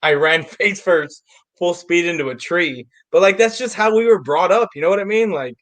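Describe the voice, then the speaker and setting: A man on a sports panel, telling stories in an animated way and swearing freely. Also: sits high, normal speed. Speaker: panel guest. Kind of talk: casual sports talk.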